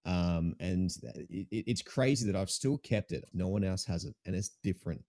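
Upbeat young Australian man, low voice. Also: normal speed, dark tone. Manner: laid-back, upbeat, slangy. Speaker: guest streamer. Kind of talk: casual chat.

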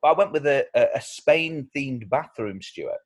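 A man's voice: mid-range voice, animated, normal speed. A man co-hosting a casual comedy podcast, joking, laughing often and rambling with restarts. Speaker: podcast co-host.

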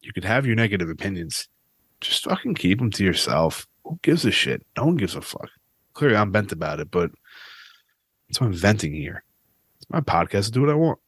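A man's voice: lowish voice, a bit bright, slightly rough, dry recording, studio quality. A man hosting his own podcast, ranting casually with lots of swearing. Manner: profane, ranting, restless. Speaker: podcast host.

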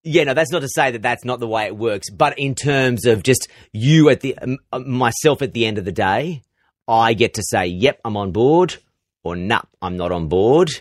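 A man's voice: mid-range voice, normal speed, dry recording, clean studio sound. An Australian man, a radio presenter, answering interview questions with lots of energy, repeating words and restarting sentences. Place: radio station office.

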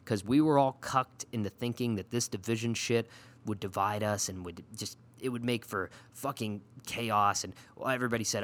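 A man hosting a casual recap of his league's matchups. He talks in an animated, sarcastic way and swears often. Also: fairly low pitch, normal speed. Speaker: fantasy league podcast host. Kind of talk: casual profane recap rant.

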